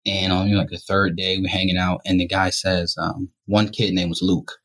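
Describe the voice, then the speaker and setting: A young man from Rochester, New York, guesting on a podcast and telling candid stories in a relaxed, conversational way. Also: low voice, normal speed. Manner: relaxed, conversational, often says "you know". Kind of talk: candid storytelling.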